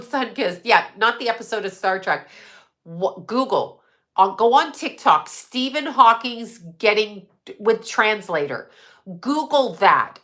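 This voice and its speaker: This livestream host's voice runs on the high side, pushed and bright. She chats casually from her desk microphone, rambling conspiratorially, cursing, and responding to viewers' messages along the way.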